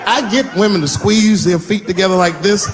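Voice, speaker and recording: A man doing stand-up, telling a story in a profane, animated way and swinging his pitch sharply for the voices he quotes. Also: fairly quick, very noisy. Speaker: stand-up comedian.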